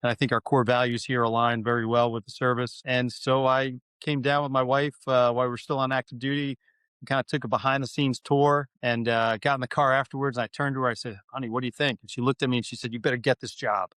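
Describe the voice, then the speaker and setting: A middle-aged man from New York recounts his career in an earnest, conversational way, stopping and restarting his sentences often. His voice is smooth and clear at an average pitch. The recording is dry and close, with no room sound. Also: flat delivery, fast talker, a bit bright, dry recording. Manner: frequent restarts and fillers, earnest. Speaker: university president, guest. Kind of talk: conversational storytelling.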